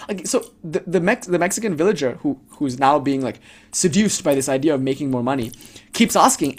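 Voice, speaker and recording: A man's voice: on the high side, expressive, brisk, slightly rough. A man giving a casual spiritual lecture full of storytelling, rambling and filling his sentences with "like.". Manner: rambling, heavy use of "like", laughs.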